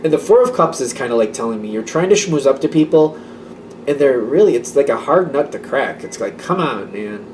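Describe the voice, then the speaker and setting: A man's voice: mid-range voice, expressive, a little fast, darkish tone, distant mic, a little hiss or hum. Chatty man reading tarot cards. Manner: chatty, repetitive, laughs between lines. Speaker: tarot reader. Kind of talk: casual tarot reading to camera.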